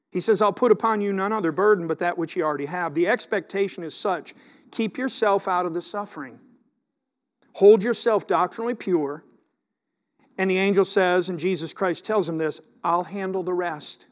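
A middle-aged man with a high voice preaches a sermon. He talks to the congregation conversationally, asks them questions, and swings between emphatic points and soft, hushed asides. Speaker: pastor.

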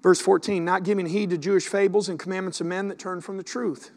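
High-voiced pastor preaching. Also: male voice, fairly even intonation, fast, darkish tone. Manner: reads scripture aloud and asks the congregation questions; repeats words and restarts sentences. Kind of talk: preaching a sermon.

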